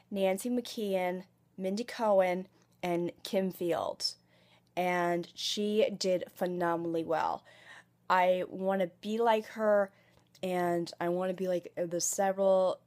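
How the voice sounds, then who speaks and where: A woman with a cold talking straight to camera in a casual vlog. Her voice sits a little low, and she moves slowly, stalling on ums and likes and restarting her sentences again and again. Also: a little mellow. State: has a cold. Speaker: vlogger and aspiring comic actress. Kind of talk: casual home vlog monologue.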